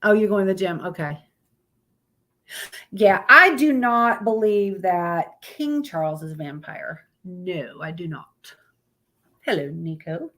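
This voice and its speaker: A woman's voice: lowish voice, expressive, slow, pushed and bright. Chatty woman hosting a live stream. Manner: chatty, greets viewers, reads topics aloud with stumbles. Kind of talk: casual live-stream chat.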